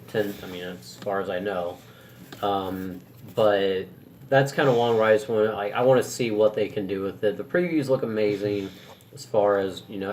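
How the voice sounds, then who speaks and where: A young man co-hosting a podcast, talking in a relaxed, rambling way with lots of fillers. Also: fairly low pitch, a little hiss or hum. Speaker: podcast co-host. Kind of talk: casual chat.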